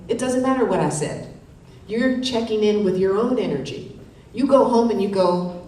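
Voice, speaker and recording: Coaching a conference-hall audience through a live wellness workshop, a woman speaks at a moderate pace in a slightly mellow, mid-range voice, checking in with "right?" after her points. The recording is very echoey, from a distant mic, with faint noise.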